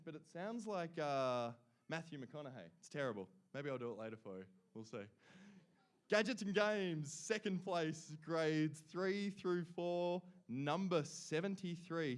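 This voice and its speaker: A young adult man with an Australian accent and a high, light voice reads out award places and winners to a live crowd. He is upbeat and playful, breaking in with quick jokes between names. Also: sing-song. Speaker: awards announcer.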